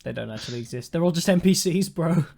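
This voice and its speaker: A man's voice: on the high side, animated, fast talker, creaky, crowd noise. A young man, co-hosting a podcast in a joking, teasing way. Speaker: podcast co-host. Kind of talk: casual chat.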